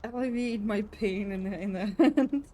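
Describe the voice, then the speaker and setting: A woman's voice: medium pitch, normal speed, dark tone. A young adult woman streamer in casual, giggly gameplay chat. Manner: giggly, chatty.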